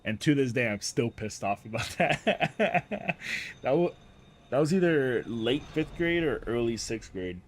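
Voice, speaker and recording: A man streaming live, telling funny childhood stories in a casual, animated way, laughing often and acting out the people he quotes. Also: medium pitch, unhurried, slight background noise. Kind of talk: casual storytelling to a live chat.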